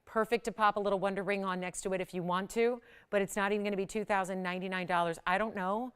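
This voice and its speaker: A woman hosting a live shopping channel, pitching jewelry in a chatty, persuasive way that builds to excited peaks. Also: fast, smooth.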